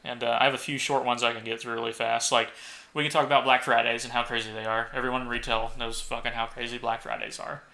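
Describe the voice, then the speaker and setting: A man's voice: medium pitch, little pitch movement, fast, creaky, bright, forceful tone. A young man co-hosting a podcast, telling a work story casually, swearing and laughing as he acts out what people said. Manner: swears freely, laughs at own stories, acts out quoted lines. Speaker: podcast co-host.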